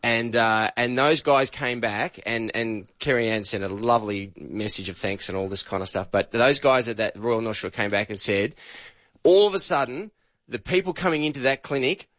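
A man's voice: mid-range voice, normal speed, fairly bright tone, dry recording, dull audio. A man hosting a talk radio show, chatty and telling stories animatedly. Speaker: radio host. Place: radio studio.

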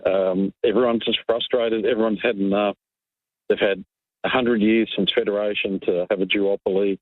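An exasperated Australian man rants down a tinny phone line to a radio host, with a touch of sarcasm. His voice sits low, and the call sounds dry and close. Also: fairly even intonation, moderate pace, no echo. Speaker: caller.

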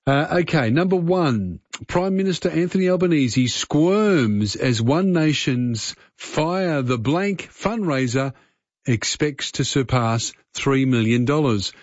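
A man's voice: on the high side, animated, takes it slowly, no room sound, lo-fi sound. Chatty Australian man hosting late radio. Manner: chatty, with frequent uh fillers. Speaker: radio host. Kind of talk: casual late-night radio quiz hosting.

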